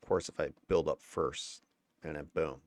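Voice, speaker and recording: A man with a very low, deep voice talks through recorded gameplay in a casual, candid way. He chuckles now and then and swears lightly, and the sound is dry and close, with no room echo. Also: steady tone, normal speed. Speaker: gameplay commentator. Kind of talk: casual gameplay breakdown commentary.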